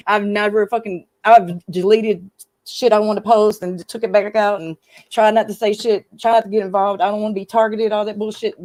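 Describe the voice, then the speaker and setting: A woman's voice: medium pitch, a little mellow, no room sound, low-quality recording. A woman from Arkansas hosting a livestream panel, ranting angrily and with heavy profanity at chat viewers. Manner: angry, profane, talks straight to chat viewers. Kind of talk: heated livestream rant.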